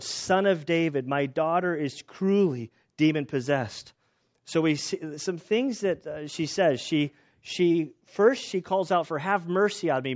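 Man, slightly high voice, conversational Bible teacher, earnest and thinking aloud, dull lo-fi recording.

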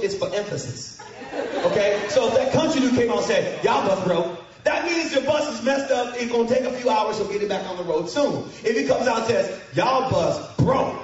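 A man telling a funny story to an audience of students, animated and mocking, shouting for effect. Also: very high voice. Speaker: speaker to students. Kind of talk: comic storytelling to a live audience. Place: large hall with an audience. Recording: echoey hall from far off, muffled, crowd.

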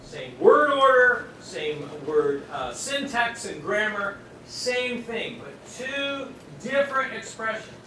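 A man preaching a sermon to a room, swinging from loud emphasis to hushed, near-whispered lines and acting out the voices he quotes. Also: high-pitched, slow, hardly any pauses. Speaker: pastor. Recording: echoey hall miked from a distance, audible noise.

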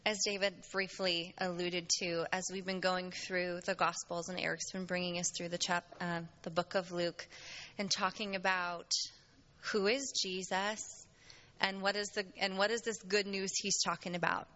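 A woman gives a heartfelt sermon in a church, with a bright, forceful voice that rises when she is moved. The sound is dull and muffled, as if from a lo-fi recording. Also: mid-range voice. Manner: earnest, emotional, voice rising when moved. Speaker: church speaker. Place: church sanctuary.

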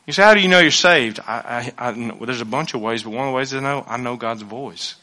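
Folksy preacher man, bright voice. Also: medium pitch, fast talker. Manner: folksy storytelling, dialect, repeated restarts. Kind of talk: sermon with personal hunting story.

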